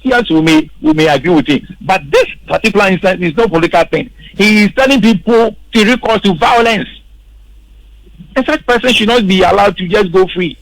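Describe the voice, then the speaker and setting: A man's voice: high-pitched, fairly quick, vocal fry, no echo, poor audio. A man, speaking as a political commentator on a radio panel and stressing his points emphatically. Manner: emphatic, repeats words for stress. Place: radio studio.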